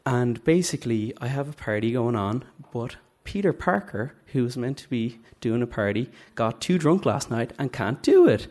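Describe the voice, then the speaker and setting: A man's voice: mid-range voice, animated, moderate pace, hardly any pauses, darkish tone. A man from Dublin with a Dublin Irish accent, telling a funny, self-mocking story live onstage and acting out the voices. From Dublin, Ireland. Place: stage at a live story night.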